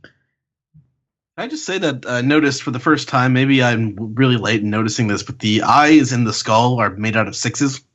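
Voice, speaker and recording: A man co-hosting a podcast in casual chat, dropping dry, quick interjections. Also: medium pitch, fairly bright tone. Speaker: podcast co-host. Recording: muffled lo-fi recording.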